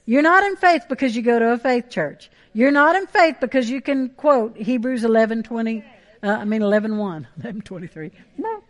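A woman pastor, preaching a sermon with emphatic, repeated phrases. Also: sits high.

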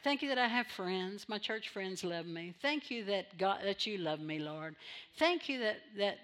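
A woman's voice: mid-range voice, lively intonation, normal speed, a bit bright. A woman pastor preaching a sermon in church, repeating phrases for emphasis and drawing amens from the congregation.

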